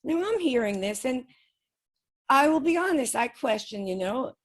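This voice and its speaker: A woman's voice: high voice, lively intonation, moderate pace. A woman speaking as an interview guest, telling a personal story in a casual, chatty way with frequent small laughs. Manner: chatty, laughs often between sentences. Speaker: guest describing spirit communication experiments.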